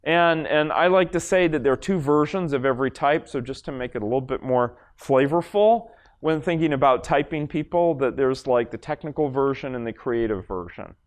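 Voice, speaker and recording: Onstage in front of an audience, a Los Angeles lecturer demonstrates a brain scan in a casual, rambling live presentation full of fillers and restarts. His medium-pitched voice has lively intonation at a moderate pace.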